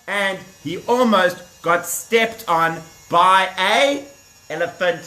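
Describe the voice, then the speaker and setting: A man's voice: sits high, slow, sharp tone, reverberant. A man telling a children's Bible story playfully, speaking directly to the kids.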